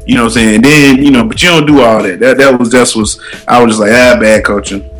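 A man's voice: medium pitch, steady tone, quick pace, soft background music. A man who coaches youth football, talking in a laid-back, slangy way with lots of "you know what I'm saying.". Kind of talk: casual chat.

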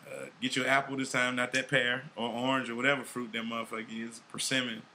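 A man hosting a podcast in casual chat, animated, with heavy swearing and street slang. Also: medium pitch, fast talker, slight background noise. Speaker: podcast host.

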